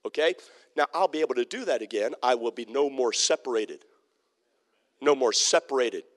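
A man's voice: mid-range voice, expressive, normal speed. A male pastor preaching a sermon in an emphatic, repetitive way, often checking in with the congregation. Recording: long hall reverb.

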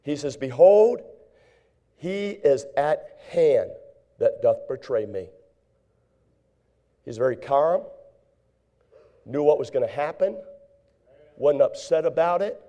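Male preacher, high and mellow, animated sermon delivery with loud acted-out voices and hushed asides. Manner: reads scripture in slow drawn-out tones.

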